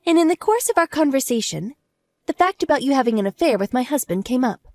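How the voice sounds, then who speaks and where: A woman voicing a wronged wife in an audio drama, smug and sarcastic as she calmly mocks. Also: sits high, fast, no echo. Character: cool, mocking wronged wife, adult woman.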